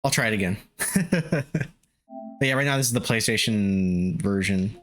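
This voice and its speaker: A man's voice: on the low side, unhurried, a bit bright, soft background music. A man casually commentating his game stream, swearing freely and laughing often.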